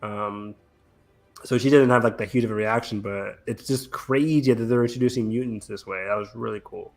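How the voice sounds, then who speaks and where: A man's voice: mid-range voice, normal speed. A man hosting a casual podcast chat, talking eagerly with many fillers. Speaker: podcast host.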